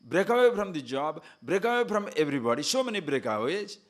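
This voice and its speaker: In a fast, somewhat high, sing-song voice, a male spiritual teacher delivers an earnest lecture on scripture. He stacks his points into lists and keeps urging listeners to listen carefully.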